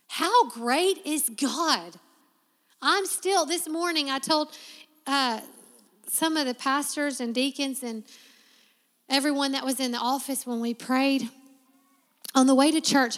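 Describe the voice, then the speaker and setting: A woman's voice: on the high side, a bit bright. A woman preacher giving a heartfelt sermon and prayer in a church, with a repetitive preaching cadence. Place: church sanctuary. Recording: long reverb of a church hall.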